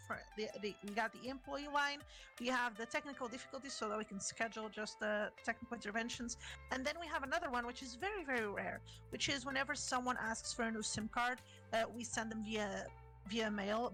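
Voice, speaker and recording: A woman's voice: fairly high pitch, bright, forceful tone. A young woman co-hosting a podcast, chatting and laughing through stories about call center customers. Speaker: podcast co-host. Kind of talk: casual chat.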